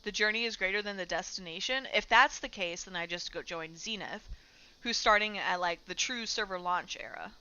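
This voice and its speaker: A woman's voice: mid-range voice, moderate pace, bright, forceful tone, clear, resonant tone, lo-fi sound. A woman streamer hosting a casual livestream and chatting bluntly with her chat, swearing freely as she goes. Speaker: streamer host.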